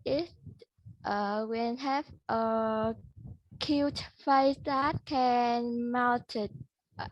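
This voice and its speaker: A woman student answering a speaking test question haltingly, searching for words. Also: on the high side, fairly even intonation, no room sound, muffled recording.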